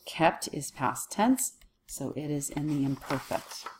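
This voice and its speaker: A woman's voice: low voice, takes it slowly, a little hiss or hum. A woman teaching a Latin lesson to children on video, working patiently through a worksheet and talking herself through each step.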